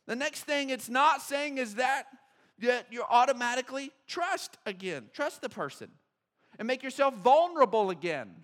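A male pastor preaching a sermon in a church, acting out quoted voices and swinging between loud emphasis and hushed asides. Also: very high voice, sing-song, moderate pace. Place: church sanctuary.

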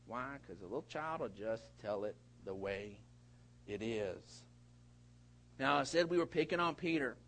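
A middle-aged man preaching a sermon in a folksy way, with big swings in pitch and loudness and many repeated words. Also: lively intonation, unhurried, a little hiss or hum. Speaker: pastor.

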